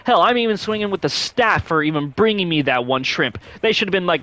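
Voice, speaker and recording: A man hosting a gaming vlog in loose, casual chat. His voice sits a little high and keeps leaping upward mid-thought, padded with fillers as he rambles along. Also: expressive, fairly quick, few pauses, pushed and bright, dry recording. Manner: rambling, many fillers, sudden upward pitch jumps. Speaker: gaming channel host.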